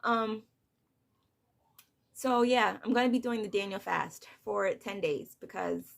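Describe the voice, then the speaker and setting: A young woman and mother talking softly and haltingly in a personal vlog, holding back tears, with many fillers. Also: mid-range voice, gravelly. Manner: soft, hesitant, many "like" fillers, on the edge of tears. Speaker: vlogger, mother of two.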